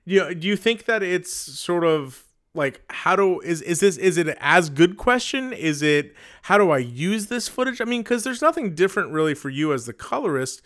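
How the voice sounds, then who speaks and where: A man hosting a casual podcast discussion, speaking in a thoughtful, measured way with many fillers. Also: high-pitched, expressive, a bit bright. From United States. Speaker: podcast host.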